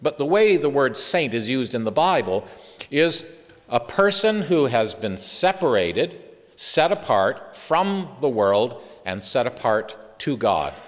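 A middle-aged man preaches with earnest conviction, drawing out important words slowly. His pitch swings widely from phrase to phrase. The voice rings out with a long reverb of a church hall. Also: big pitch swings. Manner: earnest, stretches key words slowly for emphasis. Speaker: Bible teacher. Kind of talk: sermon.

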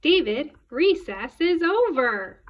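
Woman voicing a strict schoolteacher, sharp commands, raised high voice, muffled recording. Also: very animated, takes it slowly, slight background noise, exaggerated voice. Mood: scolding. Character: stern scolding schoolteacher, adult. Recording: dull lo-fi recording.

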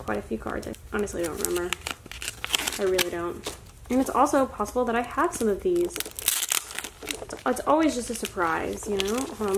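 A young woman chatting casually while unboxing a haul, gushing and excitable, often gasping and laughing. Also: fairly high pitch, a little hiss or hum. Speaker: vlogger.

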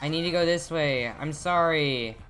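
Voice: medium pitch, moderate pace, faint music behind. Profane, chatty young game streamer. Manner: chatty, profane, swears a lot; reacts loudly and excitedly to the game. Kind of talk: casual live-stream chat while gaming.

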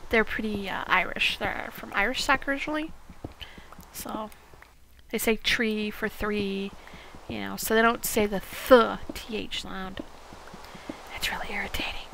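Poor audio with a little hiss or hum carries this Iowa woman's gravelly, somewhat bright mid-range voice. In her forties and speaking with a Midwestern American accent, she hosts a gaming video, chatting casually at a measured pace with long pauses, rambling and murmuring half-whispered asides.

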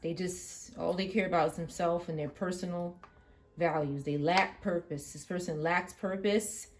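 Casting: lowish female tarot reader, blunt and cursing, faint hiss behind. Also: fairly even intonation, moderate pace. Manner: emphatic, swears often, swings from quiet to loud outbursts. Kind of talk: live tarot reading monologue.

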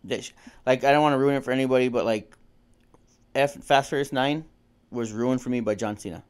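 A man's voice: medium pitch, smooth. A man co-hosting a podcast, chatting casually, swearing and acting out lines with energy. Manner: animated, profane, quick to act out lines. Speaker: podcast co-host. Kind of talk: casual chat.

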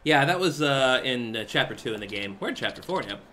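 A man streaming a video game who comments in an excitable, offhand way, with game music behind. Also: medium pitch, a little fast. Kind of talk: let's play commentary.

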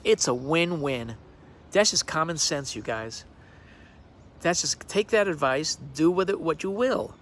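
A man's voice: fairly high pitch, expressive, unhurried, a bit bright, a little hiss or hum. A man recording a casual, rambling video greeting outdoors on his deck, hesitating with ums and uhs. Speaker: actor recording a personal video message.

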